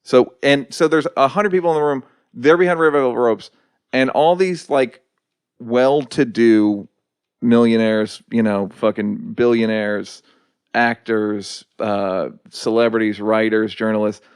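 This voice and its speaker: A man's voice: medium pitch, fairly even intonation, a little slow, smooth, dry recording. Male guest, dry wry storyteller, swears freely, close dry recording. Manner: profane, dry storytelling with quoted impressions. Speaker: guest comedian. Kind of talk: casual podcast storytelling.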